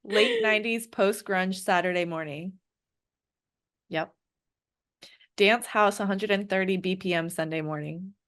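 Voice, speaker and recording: Slow-talking laughing woman. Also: mid-range voice. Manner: relaxed, laughs often. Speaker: podcast co-host. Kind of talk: casual chat.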